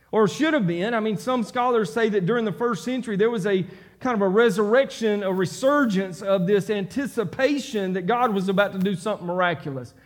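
A man preaching a sermon to his church, building to emphatic repeated phrases. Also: high voice. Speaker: pastor. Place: church sanctuary.

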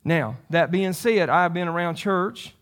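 A man's voice: sits high, a little slow, fairly bright tone. A man in his fifties preaching a sermon, emphatic and repeating phrases for stress. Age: 50s. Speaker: pastor.

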